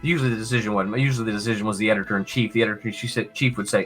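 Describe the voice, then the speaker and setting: A man's voice: on the low side, rapid-fire, faint music behind. A man being interviewed about his years as a comics editor, telling anecdotes and acting out the people he quotes, often checking in with "right?". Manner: animated, acts out quoted voices, tag questions "right?". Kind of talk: storytelling interview chat.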